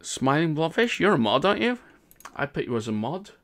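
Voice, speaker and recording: A man's voice: on the high side, very animated, fairly quick, a bit bright. A man with a Welsh accent hosting a game live stream in casual, upbeat chat and laughing often.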